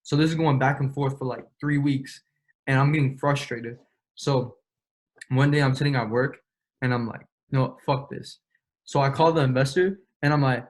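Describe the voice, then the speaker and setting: A young man speaks as an interview guest, recounting events in loose, slangy talk. He swears freely and acts out both sides of conversations. His voice sits at an ordinary middle pitch. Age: young adult. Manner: slangy, profane, quick retelling with quoted dialogue. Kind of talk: casual storytelling.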